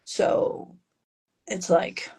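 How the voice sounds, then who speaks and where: Speaking very slowly in a dark tone, captured on poor audio, a woman author is interviewed. She comes from a Mexican family but was raised in the US, and she chats loosely with self-mocking humor, frequent laughter and bits of Spanish amid her English.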